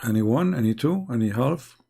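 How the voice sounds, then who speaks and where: Host, male, gravelly mid-pitched voice, animated storytelling with restarts. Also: normal speed. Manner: retells exchanges, acting out quotes in a raised voice; repeats words and restarts sentences. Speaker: live-stream host. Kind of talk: live-streamed debate talk.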